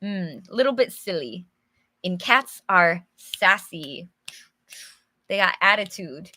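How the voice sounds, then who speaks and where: A woman's voice: on the low side, animated, slow, sharp tone, dry recording, clean studio sound. A young adult woman teaching English on a live stream, reading a storybook and chatting patiently with viewers while explaining words simply. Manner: chatty, answers viewers' comments.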